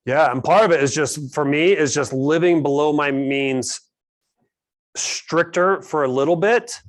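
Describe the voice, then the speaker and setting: A man's voice: fairly high pitch, a little slow, dry recording. A man hosting a casual team meeting on budgeting, calling on people by name. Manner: upbeat, calls on people by name. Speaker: host of a team finance meeting. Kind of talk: casual group discussion.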